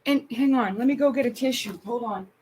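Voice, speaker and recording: Upset, swearing woman with a higher voice. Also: fairly quick, a little mellow, husky, rough recording. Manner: rambling, profane, exasperated. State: upset, near tears. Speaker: livestream host. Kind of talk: casual chat while painting.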